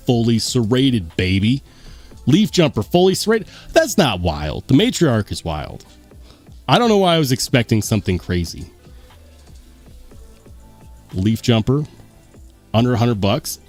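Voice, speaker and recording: Lively, chatty man hosting a livestream. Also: fairly low pitch. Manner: lively, chatty, muses aloud. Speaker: host. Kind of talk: casual livestream chat reading comments.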